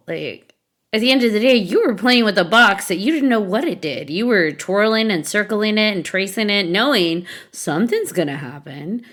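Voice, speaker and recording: A woman's voice: lowish voice, fairly bright tone. Female podcast co-host, playful and wry, easygoing casual chat.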